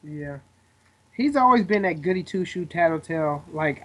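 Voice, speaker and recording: A man's voice: a little high, normal speed, fairly bright tone. A man in his twenties, a guest fighter, telling a story in casual chat, rambling and swearing with lots of fillers.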